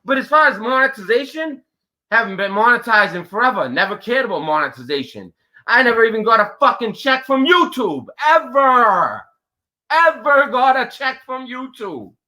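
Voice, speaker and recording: A man's voice: extremely high pitch, pushed and bright, rough recording. A male livestream host delivering an angry, profane, confrontational rant straight at a viewer.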